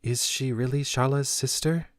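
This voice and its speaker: A man voicing a grieving, guarded young woman who speaks quietly and tersely. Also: medium pitch, fairly even intonation, moderate pace, no echo, studio quality, voice pushed up, natural voice.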